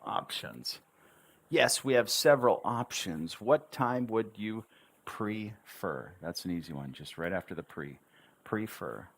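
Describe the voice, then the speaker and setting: Guy tutoring english on a stream, low voice, reeeally slow, says each syllable again and again. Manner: drills words syllable by syllable, repeating slowly; encouraging coach-like asides. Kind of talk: livestream pronunciation lesson.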